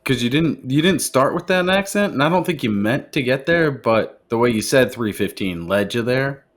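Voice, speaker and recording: A man's voice: medium pitch, lively intonation, normal speed. A man co-hosting a casual sports podcast, teasing the others with dry remarks. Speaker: podcast co-host.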